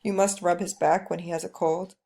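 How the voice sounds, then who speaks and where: A stern, traditional mother lays down the rules in a firm, lecturing tone, voiced by a woman reading a story aloud. The voice is low in brightness and carries a gravelly edge. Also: flat delivery, a little fast.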